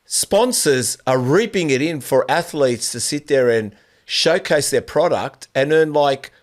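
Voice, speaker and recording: A man hosting an interview podcast, talking in a rambling, opinionated way with many restarts. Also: fairly high pitch. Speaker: podcast host. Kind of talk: casual conversational interview.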